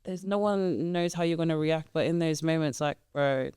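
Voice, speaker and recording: A young woman talking as a guest in a casual podcast conversation, halting, with many fillers and restarts. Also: sits low, dark tone, clear, resonant tone, dry recording, studio quality. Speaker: guest, mother of three.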